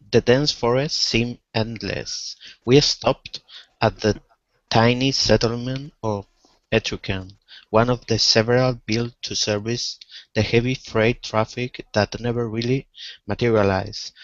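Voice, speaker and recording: A man's voice: medium pitch, fairly even intonation, slow, no room sound. A man reading a passage aloud carefully in an online English lesson. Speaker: English student. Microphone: video call. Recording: dry muffled call audio.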